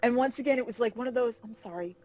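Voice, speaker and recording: A woman novelist being interviewed over a video call, telling animated anecdotes and acting out quoted voices. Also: on the high side, racing, no echo, rough recording. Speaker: fantasy novelist guest. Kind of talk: casual interview storytelling.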